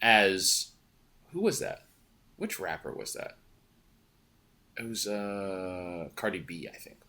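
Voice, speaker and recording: Young male podcast host, lowish voice, loose profane rambling monologue. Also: takes it slowly, sharp tone. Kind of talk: casual monologue. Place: hotel room.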